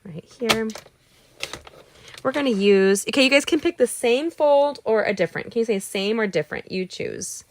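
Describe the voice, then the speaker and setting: A woman's voice: a little high, lively intonation, normal speed, a little hiss or hum. A middle-aged woman hosts a live card-making class in a bubbly, rambling way. She chats to viewers, gasps and exclaims over her supplies, and talks through each step. Under the chatter she sounds a little tired. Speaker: card-making livestream host. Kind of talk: chatty live crafting tutorial.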